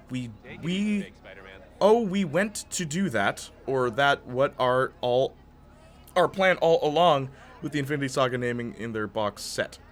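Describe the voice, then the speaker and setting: A young man streaming gameplay, chatting in a rambling, excitable way with lots of fillers and tangents. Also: mid-range voice. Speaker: gaming streamer. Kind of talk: livestream gameplay commentary.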